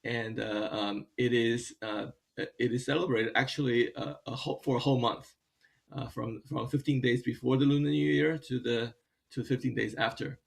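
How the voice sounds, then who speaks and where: Halting man guest, gravelly voice. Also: medium pitch, steady tone. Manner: halting, many fillers and restarts. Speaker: dance company director, guest. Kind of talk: interview answers.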